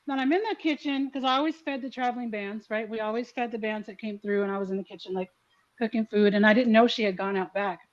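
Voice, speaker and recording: A middle-aged woman hosting a podcast who tells stories in a lively way and swears freely. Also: a little high, fast, highs cut off. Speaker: podcast host. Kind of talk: casual chat.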